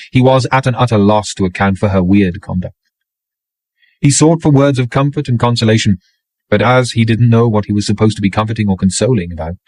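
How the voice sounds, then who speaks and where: Male audiobook narrator, measured, low pitch, dry close sound. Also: darkish tone, no echo, poor audio. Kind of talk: scripted narration.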